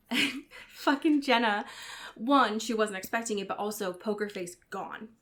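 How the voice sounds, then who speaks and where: A woman's voice: medium pitch, measured pace, a bit bright. A woman co-hosting a podcast in casual chat, retelling scenes in quoted voices and swearing casually. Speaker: podcast co-host. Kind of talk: casual chat recapping a TV show.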